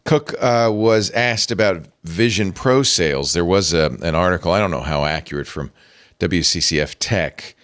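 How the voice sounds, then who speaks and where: A man's voice: low-pitched, normal speed, fairly bright tone. A man on a tech podcast, reading out news in a laid-back way. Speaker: podcast host. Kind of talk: casual tech panel discussion.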